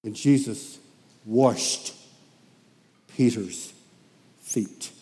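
A man preaching a sermon as animated storytelling, often repeating himself as he goes. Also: medium pitch, drawn-out words, long reverb tail.

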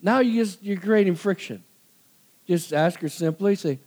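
A middle-aged man preaching a conversational sermon, animated and given to laughter, acting out quoted voices. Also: sits high, normal speed. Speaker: pastor.

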